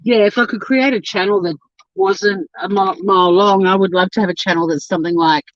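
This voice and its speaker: A woman's voice: mid-range voice, fairly even intonation, fairly quick, no echo, muffled recording. An Australian woman from Tasmania chatting casually and swearing freely while she drives and answers a live chat. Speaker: livestream host. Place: in a car, driving.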